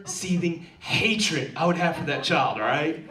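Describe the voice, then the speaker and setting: A man in his thirties doing a stand-up set, ranting and shouting in mock anger. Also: a little high, expressive, normal speed. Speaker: stand-up comedian. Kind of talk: stand-up set from an old recording. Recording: echoey club recorded from far off. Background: crowd laughing.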